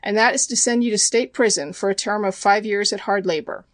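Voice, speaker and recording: A woman's voice: mid-range voice, fairly quick, no echo, lightly acted. A woman voicing a stern, curt older male judge who speaks rudely from the bench, in a dry recording. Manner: rude, stern.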